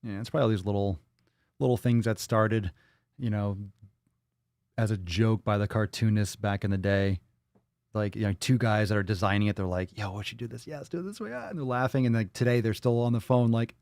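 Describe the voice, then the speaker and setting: A man's voice: on the low side, a little fast, darkish tone, no room sound, studio quality. A man hosting a fitness podcast, chatting crudely and joking as he reads out comments from home. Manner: profane, laughing, jokey. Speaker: podcast host. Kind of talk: crude casual chat reading viewer comments. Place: small room at home.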